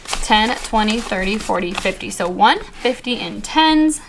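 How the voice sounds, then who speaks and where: A young woman vlogging casually about her savings, counting bills aloud in a quick murmur and chatting in a flustered, excited way. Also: mid-range voice, noisy background. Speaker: budgeting vlogger.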